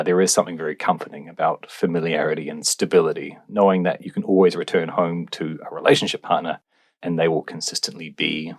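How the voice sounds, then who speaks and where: A man's voice: low-pitched, slightly rough, dry recording. A male relationships researcher, answering podcast questions in a wry, explanatory way with fillers.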